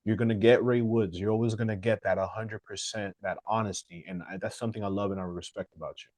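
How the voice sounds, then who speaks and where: A man with a lowish voice interviews a friend, warmly affirming his answers with some hesitant fillers. The recording is dry and close. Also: steady tone, fast talker, no room sound. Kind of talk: casual interview.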